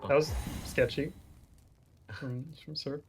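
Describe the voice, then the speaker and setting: A man commentating a live speedrun race, excitable and quick to yelp when things get tense. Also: a little hiss or hum. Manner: excitable, yelps high when tense moments hit. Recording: music playing behind.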